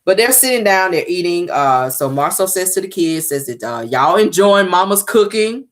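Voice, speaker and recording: A woman's voice: lowish voice, animated, moderate pace. A woman casually recapping a reality TV episode, talking sassily straight to her viewers. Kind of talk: casual show recap commentary.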